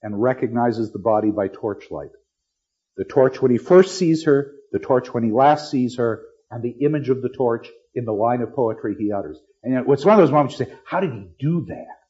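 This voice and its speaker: A middle-aged man lectures on poetry with animated energy, swinging from quiet asides to bursts of dramatic reading. His voice sits at an ordinary pitch. The recording is slightly dull and lo-fi. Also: normal speed. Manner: animated, acts out lines dramatically. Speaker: literature teacher.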